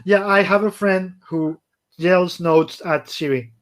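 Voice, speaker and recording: A man's voice: sits high, slow pace. A man with Spanish as his first language hosting an interview, talking loosely, laughing and swearing casually. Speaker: interviewer host.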